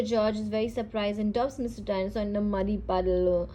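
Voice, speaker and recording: Mom casually reading a picture book aloud. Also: female voice, mid-range voice, level tone, brisk, mellow. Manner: reads plainly with fillers and self-corrections, little character voicing. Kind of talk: casual read-aloud with commentary.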